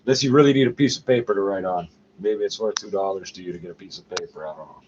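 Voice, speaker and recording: A man's voice: low voice, very fast, a little mellow, muffled recording, a little hiss or hum. A man rambling profanely to camera in a casual monologue, muttering asides and tagging lines with "eh?". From Canada. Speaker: vlogger.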